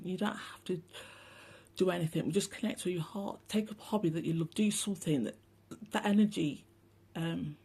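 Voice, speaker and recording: A woman talks to her followers in a loose, rambling spiritual monologue. Her voice is gravelly and husky with a mellow, dark tone. She is blunt, sweary and sarcastic. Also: fairly low pitch. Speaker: spiritual channel host.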